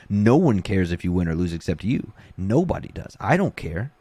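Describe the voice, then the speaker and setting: This jiu-jitsu coach speaks quickly with few pauses, his voice fairly low and the recording dry. Chatting casually on a podcast, he gets animated, performing the voices of people quoting what they tell him.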